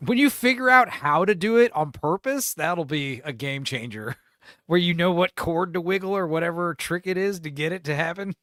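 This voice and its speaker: A man's voice: fairly high pitch, normal speed, a bit bright, dry recording, studio quality. A man hosting a casual podcast, who rambles, teases his co-hosts and laughs often. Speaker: host.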